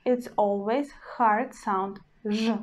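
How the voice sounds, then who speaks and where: A woman's voice: medium pitch, fairly even intonation, slow. A woman teaching pronunciation, saying each example word three times in a patient, careful way. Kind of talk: slow, deliberate language lesson.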